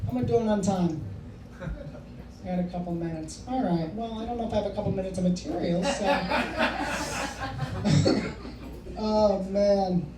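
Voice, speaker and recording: A man's voice: sits high, a little slow, long pauses. A man doing a stand-up comedy set in a bar, rambling and self-deprecating and swearing freely. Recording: echoey room from far off, faint noise.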